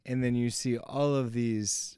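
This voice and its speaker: A man's voice: medium pitch, steady tone, unhurried, mellow, smooth, no echo. A man co-hosting a podcast, mostly giving short replies, then musing thoughtfully on scripture. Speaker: podcast co-host. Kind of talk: casual Bible study chat.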